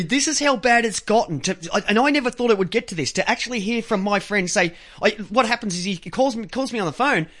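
A man co-hosting a radio chat, telling stories in an excitable, profane way. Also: extremely high pitch. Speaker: co-host. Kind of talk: crude casual radio chat.

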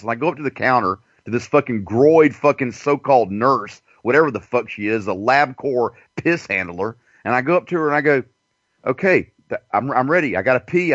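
A man's voice: mid-range voice, fairly bright tone, dry recording. A man telling a long story in casual chat, rambling and profane. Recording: dull dry lo-fi recording.

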